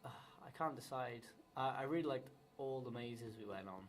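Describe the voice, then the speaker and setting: A young man co-hosting a podcast in casual chat, chatty and quick to swear and laugh. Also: mid-range voice, low-quality recording. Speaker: podcast co-host. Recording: faint background noise.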